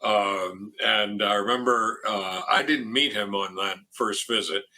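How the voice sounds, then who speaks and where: Older male guest, animated raconteur, bright husky voice, restarts often. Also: on the low side, unhurried. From Miami. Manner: animated storyteller, quotes others in raised voice, frequent restarts. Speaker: former foundation president, guest. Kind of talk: storytelling in a radio interview.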